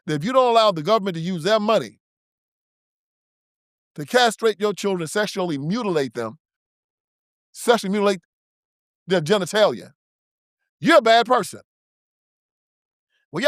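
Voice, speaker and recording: A man's voice: on the high side, no echo, clean studio sound. A man hosting his own show, delivering an emphatic, preachy and confrontational political commentary monologue. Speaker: show host.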